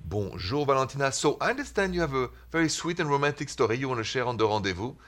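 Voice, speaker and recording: A man's voice: medium pitch, very animated, quick pace, fairly bright tone. A man hosting a radio advice show, talking in an earnest, reflective way with simple repeated phrases. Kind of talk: casual radio talk.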